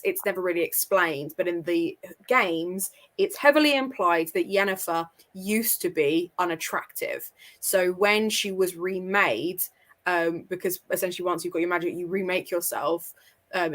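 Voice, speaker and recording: A woman's voice: on the low side, moderate pace, fairly bright tone. A woman hosting a casual live book discussion, chatty and explaining at length with plenty of fillers. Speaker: host.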